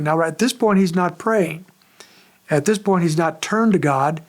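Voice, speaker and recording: A pastor giving an expository sermon in a conversational, measured way, pausing often as he explains the text. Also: fairly high pitch. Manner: conversational, measured preaching with frequent pauses.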